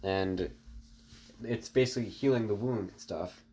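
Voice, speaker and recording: A man's voice: lowish voice, a little slow, warm tone, slight background noise. A man casually narrating an improvised story, rambling with fillers and restarts and talking to his viewers. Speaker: online storyteller.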